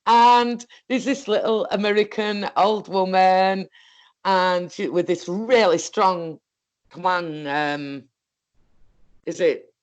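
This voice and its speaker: A woman's voice: lowish voice, slow. A woman with a Northern English accent telling a story in casual chat, rambling along and laughing often. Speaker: co-host.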